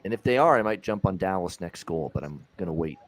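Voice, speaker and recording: A man co-hosting a live betting stream, relaxed and casual, recapping plays and assists. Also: deep voice, quick pace. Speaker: betting show co-host.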